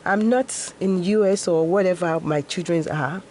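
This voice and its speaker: A woman's voice: lowish voice, normal speed, a little mellow, a little hiss or hum. Earnest laughing woman in her fifties. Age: 50s. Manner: earnest, laughs often between points. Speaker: interview guest, education NGO founder. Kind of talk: casual interview talk.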